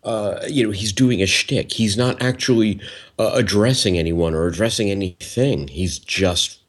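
A man's voice: fairly low pitch, moderate pace. A man co-hosting a political podcast, blunt, profane and exasperated. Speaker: podcast co-host. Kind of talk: casual political podcast chat. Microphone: studio mic with headphones.

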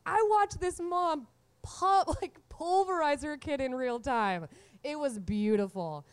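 A woman in her twenties telling a comic story from her own life, animated and often laughing through the punchlines. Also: high voice, slow. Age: 20s. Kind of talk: live comedic storytelling.

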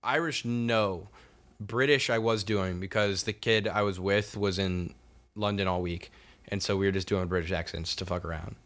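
A young man with a bright, forward voice sits on the lower side in pitch while telling a rambling, profane story. His talk is loose and casual, thick with "like" and fillers, the relaxed tone of a podcast co-host. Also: normal speed. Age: young adult. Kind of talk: casual chat.

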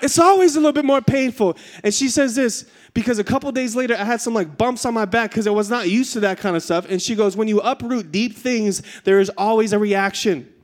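A man in his thirties delivers a sermon with a light, high-pitched voice. He tells a funny story with animated energy, jumping up in pitch at the punchlines. Then he settles into earnest preaching. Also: fairly quick, hardly any pauses. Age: 30s. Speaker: pastor. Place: church stage.

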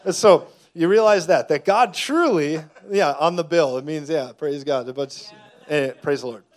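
A man preaching a sermon as a guest preacher, declaring loudly at times and then dropping to a hushed, intense tone, with jokes along the way. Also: on the high side, unhurried. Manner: jokey, laughs mid-sentence.

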